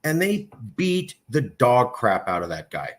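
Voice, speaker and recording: A man hosting a casual interview, talking in long rambling stretches with many fillers and pitch that jumps high when he gets worked up. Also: huge pitch swings, measured pace. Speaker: podcast host.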